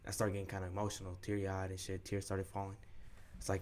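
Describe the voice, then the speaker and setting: A young man with a low voice tells a personal story on a podcast. His delivery stays flat and level as he talks in candid, slangy, cuss-heavy speech, acting out what each person said. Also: fast. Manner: slangy, profane, frank retelling with quoted dialogue. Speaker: podcast co-host.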